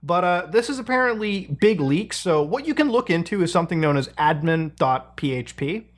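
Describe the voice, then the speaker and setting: Explainer narrator, animated pitch, stammering fillers. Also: normal speed. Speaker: video narrator.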